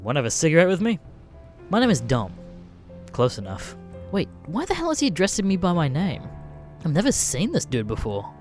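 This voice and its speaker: A man's voice: mid-range voice, darkish tone. A man narrating a story in a casual, profane, wry way.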